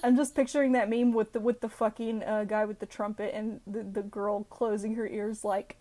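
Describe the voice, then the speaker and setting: A woman's voice: mid-range voice, level tone, normal speed, mellow. A young woman casually reading internet posts aloud and adding playful, sweary asides between giggles. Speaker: reddit post reader.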